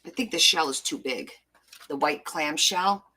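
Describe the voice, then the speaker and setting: A woman's voice: low-pitched, measured pace, pushed and bright, a little hiss or hum. A woman chatting casually to her viewers as she works on a junk journal, gushing over stickers with a self-described valley-girl lilt. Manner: chatty, talks to herself while sorting stickers, gushing. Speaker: crafting vlogger. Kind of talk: casual chat while crafting.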